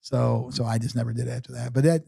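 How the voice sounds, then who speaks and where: A man's voice: mid-range voice, steady tone, quick pace, creaky, dark tone, slightly rough, dry recording. A man in his sixties, an interview guest telling long personal stories in an earnest, rambling way, often restarting sentences. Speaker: podcast guest. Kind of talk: casual storytelling interview.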